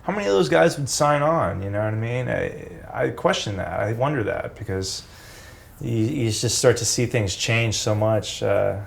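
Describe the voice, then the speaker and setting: A man's voice: mid-range voice, lively intonation, moderate pace, vocal fry. A man in his forties, a former pro wrestler, casually telling road stories, laid-back and swearing freely.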